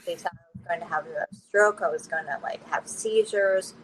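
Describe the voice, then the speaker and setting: A woman, appearing as an interview guest, candidly tells her personal story and often laughs through difficult memories. Her voice is fairly low and brisk, on a rough recording with slight background noise.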